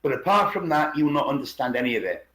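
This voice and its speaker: An English man co-hosting a podcast, his voice sitting a little high for a man. He rambles through his points, stumbling over and repeating his words. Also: very animated, quick pace, a bit bright, poor audio. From England. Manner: rambling, repeats words, puts on regional accents. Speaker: podcast co-host. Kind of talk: casual conspiracy podcast chat. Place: living in China.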